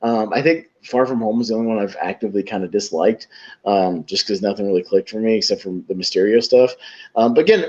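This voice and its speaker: A man hosting a casual podcast chat, talking in an excitable, rambling way full of fillers. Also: on the low side, fast talker, breathy edge. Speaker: podcast host. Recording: dull lo-fi recording.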